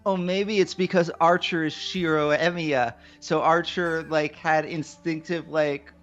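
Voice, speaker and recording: Man, playful group reader, halting speech, dull lo-fi sound. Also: fairly high pitch, steady tone, fairly bright tone, soft background music. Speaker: voice reader on a stream. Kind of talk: group script reading on a stream.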